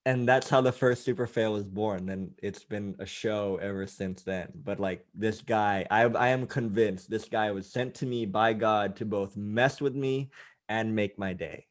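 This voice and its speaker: A man's voice: on the low side, measured pace. A man, a life coach, telling a self-mocking anecdote in a chatty style, full of fillers and asides. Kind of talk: casual anecdote storytelling.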